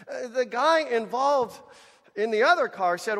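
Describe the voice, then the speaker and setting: A man preaching a sermon as pastor, animated and speaking to the congregation as folks. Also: very high-pitched, unhurried. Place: church sanctuary. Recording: church hall with long reverb.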